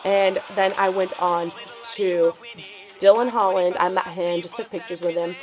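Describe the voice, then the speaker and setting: A teenage girl telling a story on her vlog in an excitable, gushing way, full of "like" fillers. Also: on the low side, a little slow. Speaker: vlogger. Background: background music.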